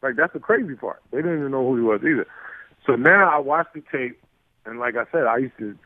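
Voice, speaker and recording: A man tells stories as an interview guest, lively and loose, full of restarts and little acted-out exchanges. His voice comes through a tinny, phone-like line, dry and close. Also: medium pitch, brisk, no room sound. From New York. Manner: animated, acts out quoted exchanges, many fillers and restarts. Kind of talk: casual storytelling.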